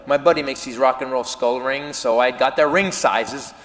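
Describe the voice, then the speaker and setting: A man telling a self-mocking story as a stand-up comedian, animated and jumping into acted quotes. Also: medium pitch, moderate pace, few pauses. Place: comedy venue with live audience. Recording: live room with reverb and audience noise.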